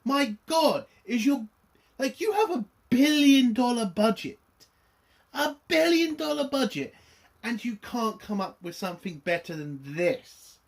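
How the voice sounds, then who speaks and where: A man giving a casual spoken review of a TV episode, exasperated and sarcastic, swearing often. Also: fairly high pitch.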